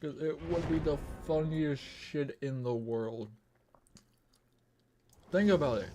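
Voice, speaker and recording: A man's voice: a little high, normal speed, a little mellow, slight background noise. A man streaming a game, chatting in a loose, rambling way and swearing often. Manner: rambling and profane, full of "it's like". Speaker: gaming streamer. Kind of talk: casual gaming stream chat.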